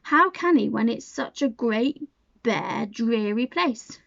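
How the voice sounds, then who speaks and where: A woman's voice: fairly high pitch, lively intonation, slow, creaky, no echo, full character voice. A woman reading a storybook aloud and voicing a sickly young boy who talks in a fretful, petulant way. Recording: dull lo-fi sound.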